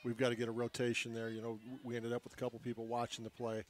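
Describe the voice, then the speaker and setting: A man giving easygoing, chatty color commentary on softball from a press box, with many "you know"s. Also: medium pitch, monotone, rapid-fire, slight background noise. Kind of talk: relaxed sports color commentary.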